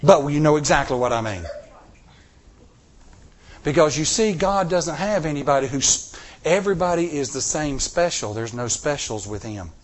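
A middle-aged man preaching a sermon, telling personal stories with animated, emphatic delivery. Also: on the high side, normal speed. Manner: animated, rising to emphatic peaks. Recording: recorded sermon tape.

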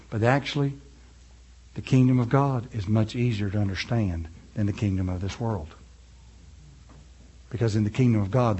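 Man preaching with big swings of pitch. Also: slightly rough, muffled recording. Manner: swings from loud, high preaching to quiet, low and soft; conversational, asks the congregation questions. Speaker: pastor. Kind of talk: sermon.

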